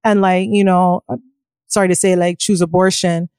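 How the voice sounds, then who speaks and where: A young woman, a musician being interviewed, telling a personal story in a quick, animated, casual way with plenty of swearing. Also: lowish voice, clear, resonant tone, no echo, clean studio sound. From Caribbean family. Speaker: musician guest.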